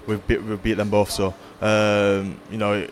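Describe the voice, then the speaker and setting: Halting low-voiced rugby man. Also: little pitch movement. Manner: halting, many fillers and restarts. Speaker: rugby league player or coach interviewed. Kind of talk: post-match style interview.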